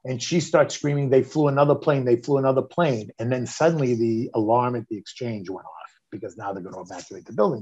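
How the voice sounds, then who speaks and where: A middle-aged man, a podcast guest, telling a personal story in an animated way, swearing freely and getting loud when reliving moments of panic. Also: mid-range voice, husky, muffled recording.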